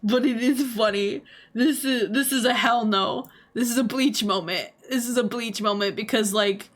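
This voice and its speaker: A young adult woman giving casual livestream commentary, animated, laughing often and swearing freely. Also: fairly high pitch, normal speed. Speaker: streamer.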